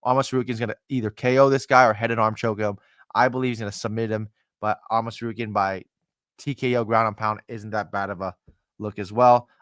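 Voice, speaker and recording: A man hosting a casual, rambling monologue of fight predictions, animated and swearing casually while acting out fighters' thoughts. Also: fairly low pitch, quick pace, no room sound, studio quality. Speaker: MMA analyst host.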